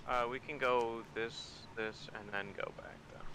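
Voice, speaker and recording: A man playing a tabletop game, working out distances and excitedly explaining an accent joke. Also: mid-range voice, a little slow, noisy background. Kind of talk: casual game chat over voice call.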